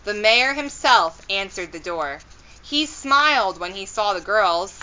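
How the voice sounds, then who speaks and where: A woman reading a children's storybook aloud, gentle and expressive. Her pace is slow and unhurried and her voice bright. The recording has a slightly dull, lo-fi sound. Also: mid-range voice, slight background noise.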